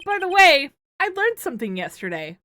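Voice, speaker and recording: A woman's voice: high voice, sing-song, moderate pace, sharp tone, a little hiss or hum. A woman hosting a game stream, chatting with friends and laughing, swearing freely as she reads the game aloud. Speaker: streamer and host. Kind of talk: casual stream chat and reading game lines aloud.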